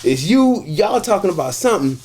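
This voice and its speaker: A man telling a story from prison in casual chat, acting out the voices of people in it and getting loud and laughing as it builds. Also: sits high, very animated, a little fast. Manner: acts out voices in his story, gets loud and laughing at the climax.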